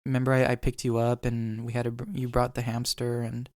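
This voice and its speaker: A man's voice: mid-range voice, monotone, brisk, a little mellow. A young man hosting a podcast, telling an emotional story in casual chat and swearing now and then. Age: young adult. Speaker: podcast host.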